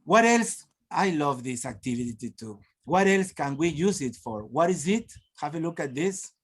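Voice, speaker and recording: A man's voice: on the high side, expressive, moderate pace, husky. A man from Peru presenting a teacher-training webinar over a video call, encouraging and prompting participants. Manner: encouraging, frequent laughs and prompts. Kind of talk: lively workshop teaching.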